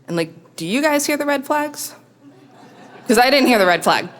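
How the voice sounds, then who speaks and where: Wry woman storyteller, lively pitch. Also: moderate pace. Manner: wry, self-mocking, animated. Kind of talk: live comic storytelling. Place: storytelling stage in a hall. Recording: long hall reverb.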